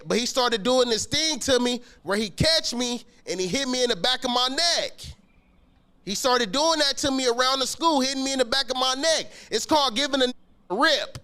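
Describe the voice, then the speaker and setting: Dude with a real high bright voice telling a wild school story, slangy, cussing a lot. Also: male voice, smooth. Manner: animated, slangy, swears often, acts out scenes. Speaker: podcast guest telling a story. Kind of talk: casual street storytelling.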